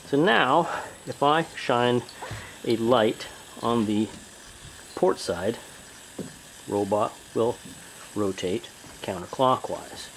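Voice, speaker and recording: A man with a New Zealand accent casually explaining a small robot demo, relaxed and explanatory, on an outdoor deck. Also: medium pitch, takes it slowly, creaky, pauses often, a little hiss or hum, low-quality recording. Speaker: hobby robotics demonstrator.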